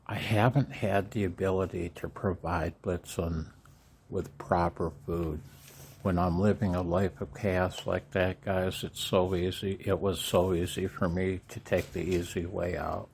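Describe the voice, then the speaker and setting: An older man talks slowly in a very deep, low voice. He is candid and emotional, halting often and laughing ruefully as he speaks to his viewers. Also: level tone, vocal fry, a little mellow, slight background noise. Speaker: amateur radio vlogger. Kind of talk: candid personal vlog.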